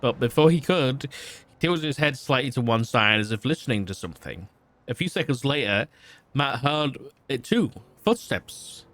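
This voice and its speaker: A man at a mid pitch reads a fan story aloud on his stream. The sound is close and dry, with no room around it. He stumbles, backtracks and breaks off for casual side remarks between passages. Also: lively intonation, normal speed, fairly bright tone, no room sound.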